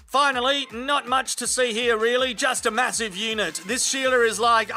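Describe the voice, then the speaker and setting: Cheeky, sweary Australian comic narrator. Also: male voice, very high-pitched, normal speed, few pauses, bright, forceful tone, faint music behind. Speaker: comedy video narrator. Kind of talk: comic narration of animal clips.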